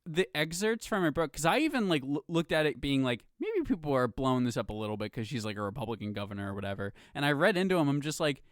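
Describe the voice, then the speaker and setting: Young male podcast co-host, bouncy pitch, dry close mic, laughs and hesitates. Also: no echo. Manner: lively, laughing, fills pauses with uh. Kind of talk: casual chat.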